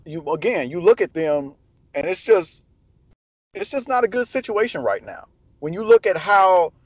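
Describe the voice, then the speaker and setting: A man co-hosting a sports talk show, breaking down the news in a steady, analytical way. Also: on the high side, no echo, highs cut off. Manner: steady, analytical, repeats himself a little.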